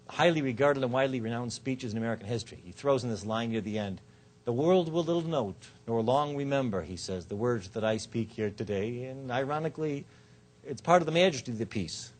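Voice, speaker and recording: A man giving a law school lecture on rhetoric, joking and shifting his pitch and loudness often. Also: husky. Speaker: law professor. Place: lecture hall.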